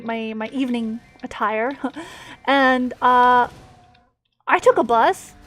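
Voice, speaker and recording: A woman streamer telling a personal story with emotional swings, many fillers and restarts, and sudden loud moments. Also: high-pitched.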